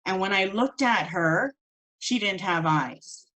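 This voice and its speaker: A woman teaching a spiritual course, telling a personal story in an animated way and acting out the voices of the people in it. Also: mid-range voice, slow pace, poor audio. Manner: animated, acts out quoted voices.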